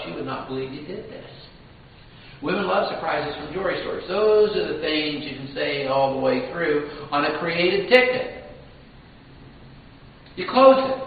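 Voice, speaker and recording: Animated male sales trainer in an echoey hall. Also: fairly high pitch, slight background noise. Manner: animated storyteller, acts out customers' lines. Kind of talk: live seminar talk to a class. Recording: dull, echoey hall from far off.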